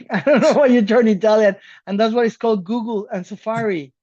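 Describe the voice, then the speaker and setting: A man from South America co-hosting a podcast in casual chat, animated and laughing, swearing casually. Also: high-pitched, brisk, muffled recording. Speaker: podcast co-host.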